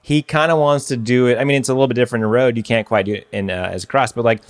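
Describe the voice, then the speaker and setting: A man co-hosting a relaxed podcast conversation. His voice sits in an ordinary middle pitch, and he talks in a loose, rambling way with plenty of fillers. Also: very fast. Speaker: podcast co-host. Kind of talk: casual chat about cycling.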